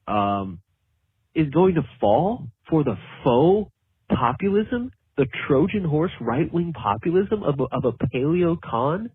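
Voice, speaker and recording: A man's voice: on the high side, big pitch swings, a little slow, slightly rough, no room sound. A man leaving a critical voicemail, searching for his words. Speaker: caller. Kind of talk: phone voicemail. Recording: tinny phone voicemail.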